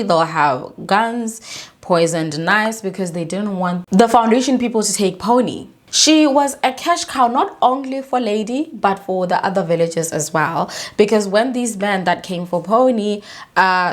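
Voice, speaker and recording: A woman tells a true story in a loose, conversational way, leaning hard on key words and tossing in indignant asides. Her voice sits at an ordinary middle pitch for a woman. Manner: casual, emphatic, indignant asides. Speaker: video host. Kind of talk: true-story narration to camera.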